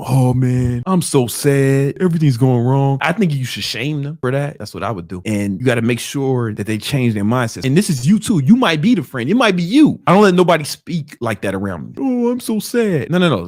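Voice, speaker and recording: A man's voice: mid-range voice, dry recording. Young guy ranting casual self-help, cussing, dry close sound. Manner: blunt, profane, animated, mocking quoted whiners. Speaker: entrepreneur giving advice. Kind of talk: casual motivational talk.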